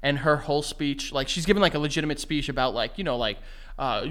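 A man's voice: a little high, expressive, quick pace, a bit bright. A young man co-hosting a podcast, telling rambling stories in casual chat, swearing and laughing easily. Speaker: podcast co-host.

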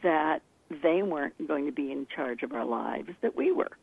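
A woman accent coach telling stories in an animated way as an interview guest, laughing often. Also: low voice, normal speed, vocal fry, husky, no room sound. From Texas, part of childhood. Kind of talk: interview over the phone. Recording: tinny phone line.

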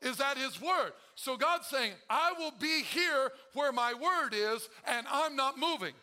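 A man's voice: extremely high pitch, expressive, measured pace, pushed and bright. A male pastor preaching a sermon to his congregation, calling out to them and acting out the prayers he quotes. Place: church.

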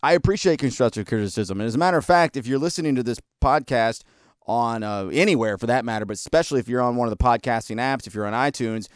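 A man's voice: mid-range voice, fast, dry recording, clean studio sound. A man hosting a podcast, delivering a blunt, sarcastic talk-radio monologue. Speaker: podcast host.

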